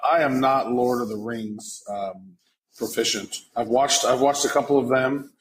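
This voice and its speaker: A man's voice: mid-range voice, measured pace, background noise. Playful, teasing male podcast co-host. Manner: self-mocking, playful teasing. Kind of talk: casual podcast banter.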